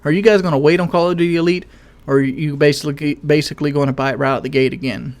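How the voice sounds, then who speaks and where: A young man rambles through casual gaming commentary, correcting himself and frequently asking viewers questions. He speaks fast with a fairly high pitch, in a voice he describes himself as monotone.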